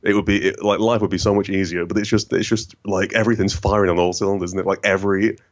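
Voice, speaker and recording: A man with a rich, smooth voice and a faint northern English accent, chatting casually as a guest with lots of restarts and self-deprecating asides. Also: deep voice, level tone, fast talker, highs cut off. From northern England. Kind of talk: casual conversation.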